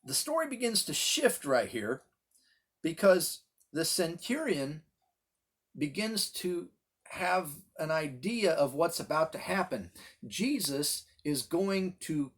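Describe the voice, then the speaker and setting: A man's voice: on the high side, sing-song, takes it slowly, slightly rough. A man leading a Bible study as pastor, teaching in an earnest, emphatic way.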